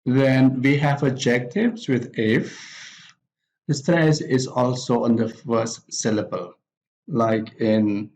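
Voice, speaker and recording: A man teaching an English pronunciation lesson, reading out example words one by one with pauses between them. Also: mid-range voice, steady tone, darkish tone, rough recording. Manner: deliberate, pausing after each example word. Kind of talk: slow spoken lesson reading word lists.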